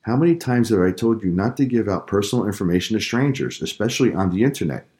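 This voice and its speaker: A strict father lays down the law in a firm, lecturing tone, as a man puts him on. The voice sits very low, close to the reader's own, in a storybook reading. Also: very animated, quick pace, darkish tone. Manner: stern, lecturing. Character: stern father, strict and angry.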